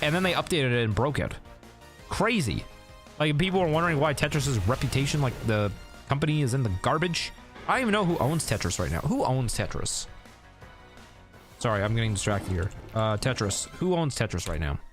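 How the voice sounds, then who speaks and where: Young male streamer, rambling casual gaming chat, average pitch, faint music bed. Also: a bit bright. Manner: rambling, easily sidetracked, laughs at own stories.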